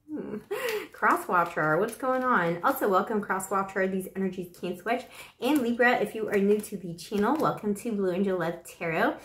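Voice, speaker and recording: A woman's voice: on the high side, lively intonation, normal speed, a bit bright, roomy sound. Playful woman tarot reader getting over flu. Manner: playful, flirty and teasing, with pet names and laughs. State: recovering from flu, voice still rough. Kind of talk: casual tarot reading to camera.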